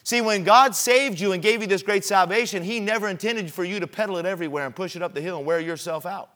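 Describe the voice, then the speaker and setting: High-voiced man preaching a storytelling sermon. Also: fast, bright, forceful tone. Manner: storytelling, builds to emphatic preaching.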